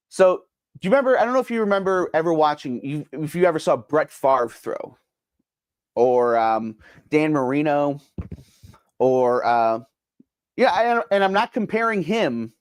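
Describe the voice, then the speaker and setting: Middle-aged guy on his podcast, kinda high voice, lots of uh and you know, dead dry sound. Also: clear, resonant tone, no room sound. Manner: rambling, repeats himself, many fillers. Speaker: podcast host. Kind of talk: casual solo sports talk reading viewer comments.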